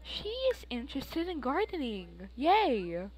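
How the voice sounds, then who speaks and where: A woman's voice: on the high side, sing-song, slow, darkish tone, rough recording. A woman giving chatty, rambling commentary while playing a life-simulation game, with frequent exclamations. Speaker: let's play host. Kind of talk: casual gameplay commentary.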